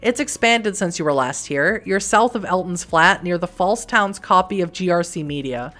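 A woman's voice: on the low side, lively intonation, moderate pace, a bit bright, soft background music. A woman hosting a let's play, reading the game's text aloud with wry, joking asides.

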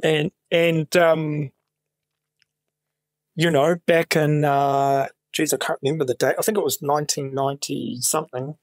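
New Zealand man telling lively stories. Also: a little high, measured pace, dry recording, clean studio sound. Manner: animated anecdotes with voiced quotes. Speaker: guest actor. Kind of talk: casual storytelling chat.

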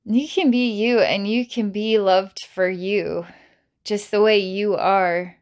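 Woman psychic healer, guided healing session, playful and giggly, mid-pitched. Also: steady tone, slow pace, a little mellow. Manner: playful and giggly, with many filler words.

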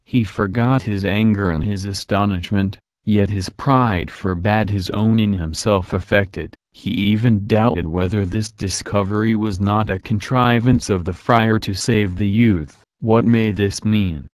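Slow, measured male audiobook narrator. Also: on the low side, fairly even intonation, dry recording, clean studio sound. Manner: slow, measured reading of old-fashioned prose. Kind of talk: scripted narration of a classic novel.

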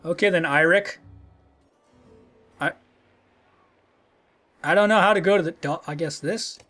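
A man's voice: a little high, measured pace, fairly bright tone. A young man casually commenting as he plays a video game, now and then reading the dialogue aloud in put-on voices. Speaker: let's play host. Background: game music.

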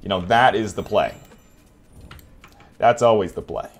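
A man's voice: on the low side, unhurried, soft background music. A young man giving gameplay commentary, exasperated and ranting, swearing often. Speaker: gaming streamer.

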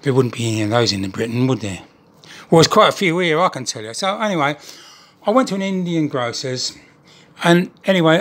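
A man's voice: a little high, expressive, a little fast, a bit bright. A man chatting to camera about his model trains, telling a joking story. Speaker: model railway hobbyist vlogger. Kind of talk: casual chat to camera.

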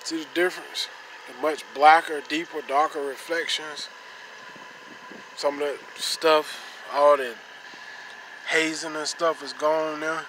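A man's voice: fairly high pitch, flat delivery, slow, long pauses, fairly bright tone. Casual man demoing car wax. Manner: repetitive, pointing things out. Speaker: car detailing channel host. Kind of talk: casual how-to demonstration. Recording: noisy ambience, vehicle sounds.

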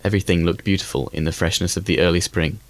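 A man reading a classic fairy tale aloud as an audiobook in a measured, even manner. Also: low voice, no echo. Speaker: audiobook reader. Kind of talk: scripted storybook narration.

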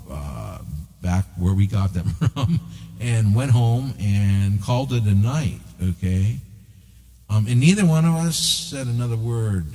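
A man with a low, husky, mellow voice recounts a strange memory to his co-host, slipping into the voices of the people in it. His delivery is lively and conversational. A long reverb trails behind every phrase. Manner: animated, acts out quoted dialogue. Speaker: show host. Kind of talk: storytelling conversation.

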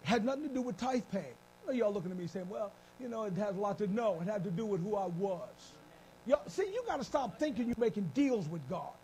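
High-pitched gravelly preaching man. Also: fairly quick, slight background noise. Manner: animated, comic, calls out to congregation. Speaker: bishop preaching. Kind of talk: live church sermon. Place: church.

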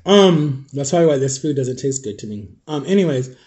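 A man with a stuffed-up nose, talking in a halting, rambling way while eating on camera at home for his vlog. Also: medium pitch, lively intonation, a little mellow. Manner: rambling, halting, searching for words. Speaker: vlogger. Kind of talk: casual confessional vlog.

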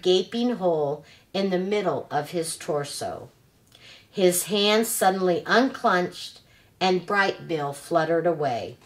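A woman reading a children's novel aloud as a storyteller, in a slow, deliberate telling. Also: mid-range voice.

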